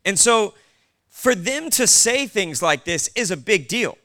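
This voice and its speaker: Bright, clear-voiced preacher man. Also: high-pitched, expressive, measured pace. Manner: casual, conversational preaching with asides. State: short on sleep. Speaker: pastor. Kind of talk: sermon.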